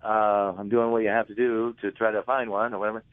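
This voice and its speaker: A man's voice: fairly low pitch, level tone, fast talker, no room sound. A man interviewed as an author, telling rambling anecdotes and often correcting himself mid-sentence. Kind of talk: casual storytelling. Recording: tinny phone line, dry.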